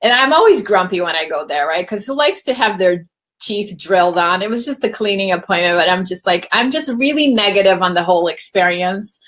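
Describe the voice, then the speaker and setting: A woman hosting a casual chat, telling a personal story in a chatty way with lively quoted asides. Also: medium pitch, brisk. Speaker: host.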